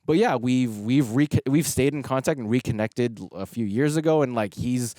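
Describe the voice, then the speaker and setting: A man's voice: mid-range voice, normal speed, mellow, dry recording, studio quality. A man co-hosting a movie reaction show, telling a personal story in a rambling, casual way. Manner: rambling, many fillers and restarts.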